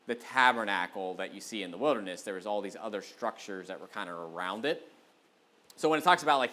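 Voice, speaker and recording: A man giving a casual, rambling sermon as a pastor, with many fillers and restarts, who reads scripture aloud slowly and with more force. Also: medium pitch, sharp tone. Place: church sanctuary.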